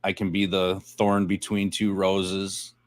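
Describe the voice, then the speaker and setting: Deep-voiced teasing man host. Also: completely flat delivery, takes it slowly, no room sound. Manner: dry, teasing jokes. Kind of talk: casual chat.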